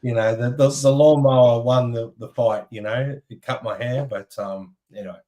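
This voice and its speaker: A man's voice: mid-range voice, steady tone, normal speed, dark tone. A man co-hosting a live music chat show, talking in a rambling, heartfelt way. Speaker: co-host. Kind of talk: casual live-stream chat.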